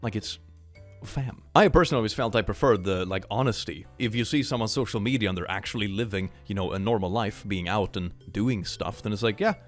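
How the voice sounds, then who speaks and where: A young man hosting a casual reaction video, reading posts and commenting with playful, animated energy and frequent laughter. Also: lowish voice, fairly quick, soft background music.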